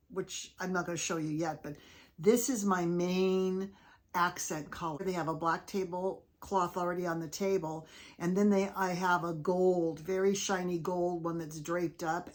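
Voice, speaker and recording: A woman's voice: lowish voice, fairly even intonation, normal speed. A woman hosting a casual crafting vlog, chatty and enthusiastic as she shows off her handmade pieces. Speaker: craft video host.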